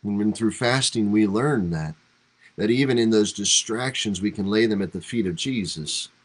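A man with a fairly low voice gives a devotional Bible teaching as a pastor. He talks conversationally, lifting his voice when he acts out quoted lines. It comes from a church livestream. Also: normal speed, rough recording.

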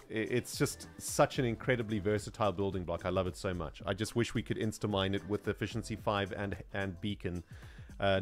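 A lively South African man chatting through a game stream in a low voice that swings widely up and down. He talks in casual slang and laughs often, with faint music underneath. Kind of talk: casual gameplay livestream chat.

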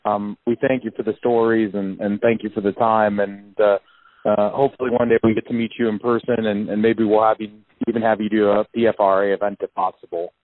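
A man's voice: on the low side, little pitch movement, brisk, no room sound. A man hosting a podcast interview, who stammers and repeats words as he starts his questions. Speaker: podcast host. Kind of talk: casual interview. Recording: phone-like narrow sound.

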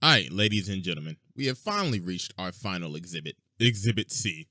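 A man narrating a comedic anime recap in excited, slangy storytelling. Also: low-pitched, brisk, background noise. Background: background music.

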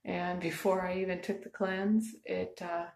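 A woman's voice: on the low side, level tone, unhurried, creaky, darkish tone, reverberant. A woman talking casually to her phone camera at home, chatty and hesitant with many ums. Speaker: vlogger. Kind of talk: casual vlog. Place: home, early morning.

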